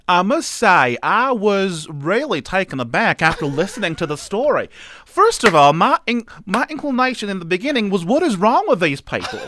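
A man's voice: high voice, big pitch swings, moderate pace, sharp tone, pitched above the performer's own voice, heavily acted. A man doing a comedic impression of a folksy, self-assured male TV advice doctor, rambling on breakfast radio. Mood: mock-serious. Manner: rambling, folksy, playfully preachy. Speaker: radio co-host.

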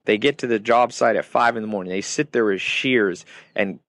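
This podcast host has a lowish, slightly bright voice at a normal speed, recorded cleanly in a studio with no room sound. His motivational monologue is emphatic and punchy, with key phrases repeated.

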